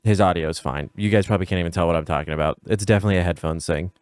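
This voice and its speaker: A man's voice: low voice, very fast, clear, resonant tone, no echo. Dry-voiced man giving nitpicky commentary. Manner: nitpicky, emphatic, talks straight to viewers. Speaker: streamer reacting to a video. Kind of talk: casual reaction commentary.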